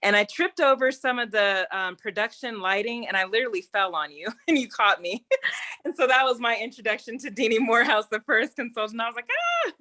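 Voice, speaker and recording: A woman with a fairly high, bright voice hosts a video call, chatting casually. She laughs easily and moves things along in a light, friendly way. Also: a little fast. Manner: giggly, chatty. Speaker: host. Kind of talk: casual chat.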